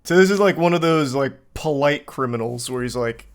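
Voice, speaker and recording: A man's voice: medium pitch, brisk. Male streamer, casual reaction commentary, dry and profane delivery. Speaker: livestreamer.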